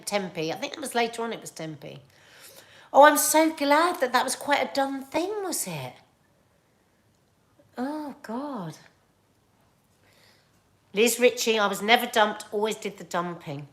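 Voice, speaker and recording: A middle-aged woman with a British accent, hosting a casual livestream chat and telling stories in an animated, chatty way. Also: a little high, unhurried, pauses often. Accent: British English. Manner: animated, chatty storytelling with laughs and asides. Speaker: livestream host reading viewer comments.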